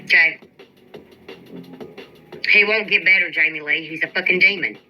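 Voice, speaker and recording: A woman's voice: lowish voice, normal speed, highs cut off, faint music behind. A woman chatting casually on a livestream, answering viewers' comments and venting with a profane, exasperated drawl. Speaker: YouTube live streamer. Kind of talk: casual live-stream chat reading viewer comments.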